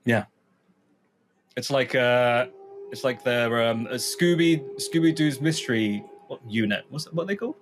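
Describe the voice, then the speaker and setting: A man's voice: medium pitch, moderate pace, background noise. A man co-hosting a comedy podcast in casual chat, laughing often and hedging with fillers. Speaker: podcast co-host.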